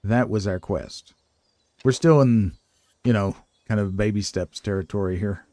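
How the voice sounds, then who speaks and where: An older man with a fairly low, warm voice and a measured pace comments on the video game he's streaming. He is chatty and hesitant, talking to himself and poking fun at his own fumbling, and the recording has no room sound.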